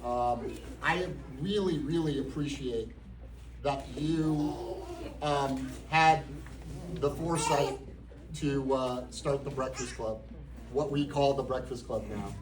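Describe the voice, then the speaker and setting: A man's voice: medium pitch, slow pace. A man giving a humorous acceptance speech at a jiu-jitsu academy, telling a story with comic timing. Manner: anecdotal, comic timing, grows sincere. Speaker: black belt receiving promotion giving speech. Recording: echoey room, far from mic, noisy crowd.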